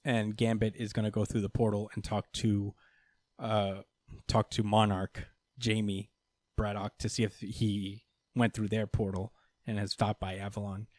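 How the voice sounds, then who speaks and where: A man's voice: on the low side, little pitch movement, unhurried, a little mellow, dry recording. Chatty man recapping comics, dry sound. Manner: loose and chatty, swears, laughs between lines. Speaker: podcast host. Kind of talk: casual comic book recap.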